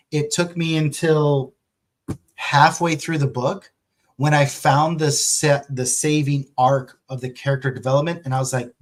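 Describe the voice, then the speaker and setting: Candid, animated male author. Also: mid-range voice. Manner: animated, candid, swears freely. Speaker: author answering viewer questions. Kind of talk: casual vlog talk.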